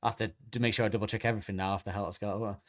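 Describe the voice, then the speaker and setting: A man's voice: lowish voice, level tone, rapid-fire. A man co-hosting a podcast, chatting casually and rambling, often restarting sentences and searching for words. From Britain. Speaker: podcast co-host. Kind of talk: casual chat.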